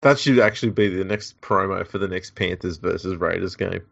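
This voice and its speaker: A man's voice: low voice, fairly quick, vocal fry, fairly bright tone, dry recording, lo-fi sound. An Australian man co-hosting a podcast, bantering dryly and sarcastically, often laughing. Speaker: podcast co-host. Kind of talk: casual banter.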